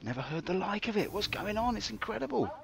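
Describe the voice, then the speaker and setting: Gravelly man spinning tall tales. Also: big pitch swings, quick pace, fairly bright tone. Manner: theatrical, jokey storytelling with big pitch swings. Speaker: game streamer. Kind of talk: rambling live-stream commentary.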